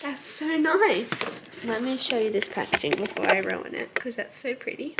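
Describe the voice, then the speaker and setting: A young woman talks straight to her camera in a chatty, upbeat way, gushing over small things. Her voice sits a little high. Steady background noise runs under her. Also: moderate pace, gravelly. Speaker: vlogger. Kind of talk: casual vlog chat. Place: outdoors in a park, then at home.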